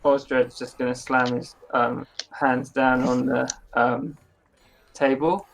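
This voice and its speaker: Dude at the game table, flat monotone, gravelly husky voice. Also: male voice, medium pitch, slow pace, rough recording. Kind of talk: declaring his character's actions.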